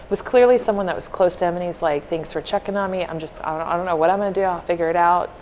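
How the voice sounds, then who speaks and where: Earnest woman, slightly low voice. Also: rapid-fire, a little hiss or hum, poor audio. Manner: earnest, heartfelt, acts out quotes softly. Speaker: podcast co-host. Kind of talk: casual storytelling chat.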